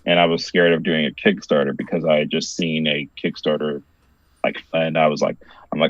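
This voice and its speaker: A man's voice: rumbling low, little pitch movement, brisk, no room sound, highs cut off. A man, a comic book creator being interviewed, telling a story in a rambling casual way with lots of filler words. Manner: rambling, heavy use of "like" fillers, laughs often.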